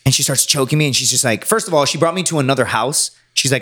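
A man's voice: mid-range voice, fast talker, hardly any pauses, a bit bright. A man, a stand-up comedian and podcast guest, telling rambling, profane stories in casual chat and acting out the lines of other people. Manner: rambling, profane, acts out quotes.

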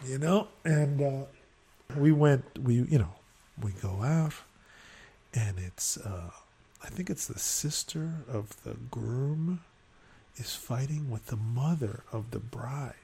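Gravelly, animated male storyteller. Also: mid-range voice, slow. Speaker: podcast co-host. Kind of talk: casual storytelling chat.

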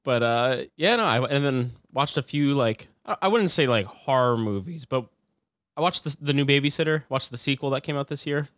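A man's voice: mid-range voice, lively intonation, brisk, a bit bright, no room sound, clean studio sound. A man co-hosting a movie-review podcast in casual chat, rambling with many fillers and chuckles. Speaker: podcast co-host.

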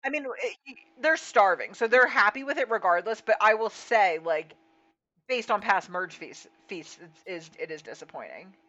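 A podcast co-host recaps a reality show in casual chat, her medium-pitched voice animated and sharp at a moderate pace. She's easygoing but slips in wry, sarcastic asides. The audio is slightly dull and lo-fi.

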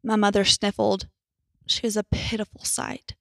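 A young adult woman reading a horror story aloud in a tense, measured first-person narration. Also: medium pitch, completely flat delivery, vocal fry, a bit bright, no echo, studio quality.

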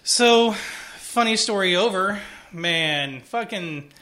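A man co-hosting a casual chat, excitable and swearing freely as he riffs. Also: high-pitched, takes it slowly. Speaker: podcast co-host.

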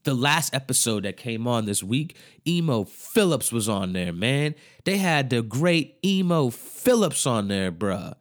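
A man hosting a podcast in loose, excitable casual chat, full of fillers and cursing. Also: medium pitch, a little slow, few pauses. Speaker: podcast host.

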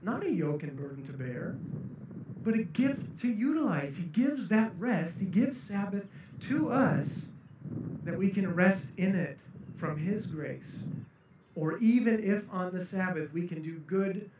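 A man's voice: high-pitched, expressive, measured pace, background noise. A man preaching a sermon, earnest and building to emphatic peaks. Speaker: pastor. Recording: echoey room, distant mic, dull sound.

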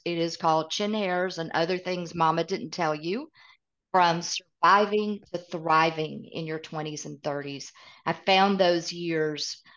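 A middle-aged woman with a Southern Tennessee accent talks in a direct, upbeat way. Her voice is low for a woman. The audio is somewhat dull and muffled. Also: a bit bright. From East Tennessee. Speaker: guest, author and trainer.

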